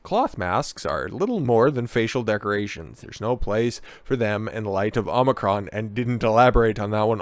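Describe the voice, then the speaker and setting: A man's voice: mid-range voice, animated, normal speed, hardly any pauses, no room sound. Sarcastic, foul-mouthed male commentator. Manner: sarcastic, profane, mocking asides. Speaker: political commentary host.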